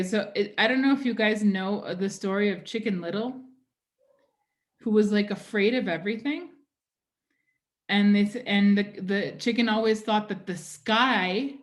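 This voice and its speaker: A woman teacher giving a lecture in an online class. She talks at an everyday middle pitch and explains things patiently, one step at a time. She keeps checking in with her students by asking "right?" and "okay?". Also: unhurried, long pauses.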